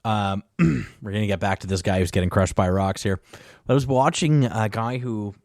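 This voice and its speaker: A man's voice: lowish voice, normal speed, a little mellow, no room sound, clean studio sound. A man hosting a casual podcast chat, rambling through history and often chuckling as he corrects himself. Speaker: podcast host.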